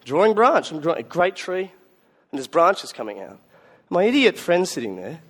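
Man, pastor, Christmas sermon, conversational, self-mocking storyteller, slightly high voice. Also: sing-song, normal speed.

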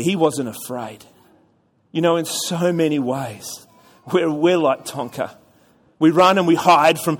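Man preaching, high voice, chatty, repeats words, long echo of a church hall. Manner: conversational, repeats words, asks the audience questions. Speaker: pastor. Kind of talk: sermon with storytelling.

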